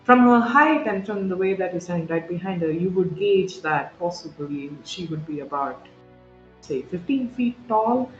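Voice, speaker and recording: A game master narrating a tabletop game with vivid, halting description, full of fillers and restarts. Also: mid-range voice, expressive. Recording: roomy, dull sound, faint music.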